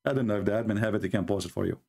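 A man's voice: on the low side, racing, vocal fry, a little mellow. A man hosting a live-stream religious debate show, mocking and combative, chuckling at his own jokes and speaking English with non-native grammar.

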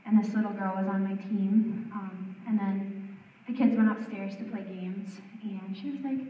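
A woman's voice: medium pitch, steady tone, moderate pace. A young woman giving an earnest personal testimony at a campus gathering, full of "um" and "like". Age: young adult. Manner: earnest, many fillers like "um" and "like". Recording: roomy hall, distant mic, dull sound.

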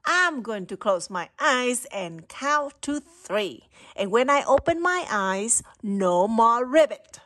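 Lady reading a kids picture book real slow, playful and coaxing, lots of ups and downs. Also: a little high, animated, a bit bright. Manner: playful, coaxing, makes animal sounds. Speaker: storybook reader.

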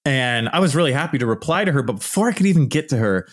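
A man's voice: mid-range voice, expressive, fast talker. A man hosting a podcast, talking casually in an exasperated, emphatic and blunt way, with some swearing. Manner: mocks opponents in put-on voices. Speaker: podcast host. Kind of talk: casual ranting monologue.

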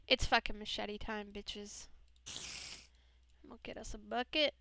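A woman's voice: medium pitch, steady tone, measured pace, gravelly, pushed and bright. A woman casually commenting while playing a game, swearing a lot and muttering under her breath. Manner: profane, swears a lot at enemies. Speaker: let's play gamer. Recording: constant background noise. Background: mouse clicks.

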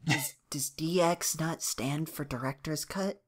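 Slow, giggly young man on a podcast. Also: on the high side. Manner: giggly, halting, asks lots of questions. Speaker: podcast co-host. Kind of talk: casual chat.

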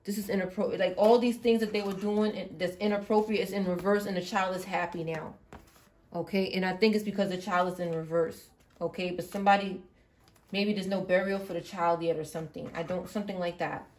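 A woman giving an intuitive tarot reading, thinking aloud, halting and repeating herself. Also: fairly low pitch, fairly even intonation, darkish tone. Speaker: tarot reader.

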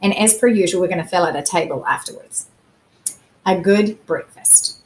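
A woman teacher giving a recorded phonics lesson to children, sounding out vowel sounds slowly and carefully. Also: fairly low pitch, a little mellow. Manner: slow, careful enunciation of sounds. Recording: echoey room.

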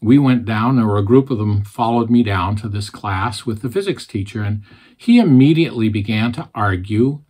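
A man's voice: fairly low pitch, expressive, moderate pace, darkish tone, breathy edge. A man giving an earnest storytelling sermon, plainly retelling his conversations. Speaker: Christian speaker.

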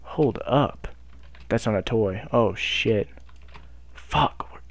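A young man giving loud, profane gameplay commentary, hyped up and talking back to the game on screen. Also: on the low side, extremely slow, slight background noise. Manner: loud, hyped, swears constantly, talks to the game. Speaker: gaming YouTuber.

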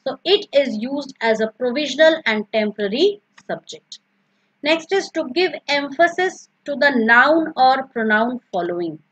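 A woman's voice: high-pitched, a bit bright, rough recording. A woman teaching a recorded grammar lesson, patiently repeating each example and explaining step by step.

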